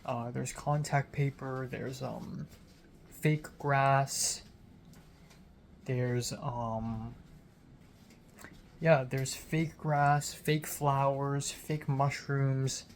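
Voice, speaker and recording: Slow, rambling late-night vlogger. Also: mid-range voice, a little hiss or hum. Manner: rambling, many fillers and restarts, casual swearing. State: sounds slightly lispy from a sore tongue. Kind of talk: casual late-night video diary.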